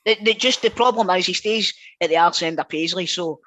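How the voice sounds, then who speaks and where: A man with a Scottish accent, a podcast regular, chatting casually in an excitable, blunt and sweary way. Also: high voice, fairly quick. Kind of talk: casual chat.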